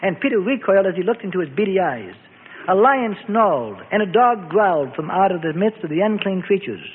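A man narrating a scripted Bible story for radio in a steady, descriptive manner. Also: sits high, a little fast, a little hiss or hum. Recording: tinny phone-like radio recording with reverb.

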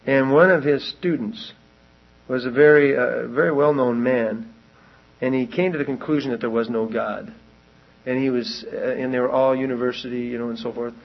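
A man's voice: medium pitch, steady tone, moderate pace, creaky, dull audio. A man preaching a sermon, telling a long story in a loose, rambling way and then pressing his point with rising urgency.

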